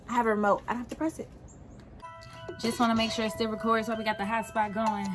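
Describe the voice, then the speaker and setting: Excitable woman host. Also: on the high side, fast talker, soft background music. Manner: excitable, laughing, talks to viewers as "y'all". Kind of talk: casual chat to camera.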